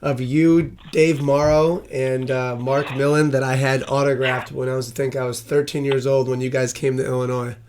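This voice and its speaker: A man's voice: medium pitch, level tone, moderate pace, few pauses, a little mellow, a little hiss or hum. A man hosting a podcast interview, chatting in a chummy, friendly way. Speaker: podcast host.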